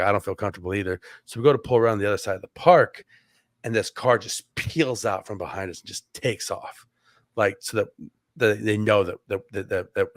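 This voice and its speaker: A man's voice: on the low side, no room sound, clean studio sound. A man on a podcast telling a long story casually, with many "like" fillers and restarts. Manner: rambling, heavy on "like" fillers and restarts. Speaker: podcast co-host.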